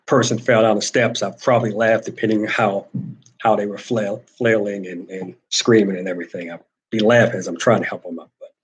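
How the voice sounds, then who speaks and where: Lively man telling a story. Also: fairly low pitch, low-quality recording. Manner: animated storyteller acting out quoted voices. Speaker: host. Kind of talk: casual storytelling and reading comments.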